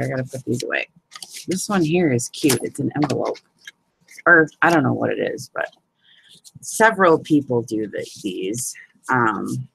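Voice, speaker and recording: Her voice is very deep and gravelly as she hosts a live crafting hangout, chatting, demonstrating paper folds and greeting viewers. She keeps saying "you know what I mean," and the poor audio carries a bit of hiss or hum.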